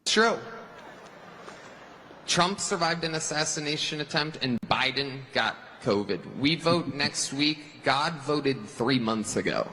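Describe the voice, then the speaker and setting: A man's voice: on the high side, lively intonation, takes it slowly, noisy background. A man performing a mocking stand-up set at a rally in a large arena. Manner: mocking punchline delivery. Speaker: stand-up comedian.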